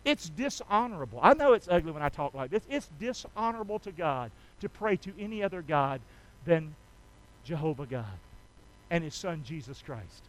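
High, folksy preacher man. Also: sing-song, normal speed, low-quality recording. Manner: folksy, calls out to congregation, rhetorical questions. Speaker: pastor. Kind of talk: sermon.

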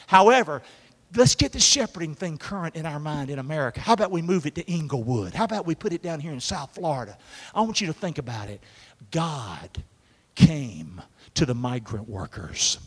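Animated preacher in an echoey church. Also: male voice, on the high side, moderate pace, slightly rough. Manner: folksy, calls out to the congregation, acts out quotes. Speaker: pastor. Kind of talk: sermon. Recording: echoey hall.

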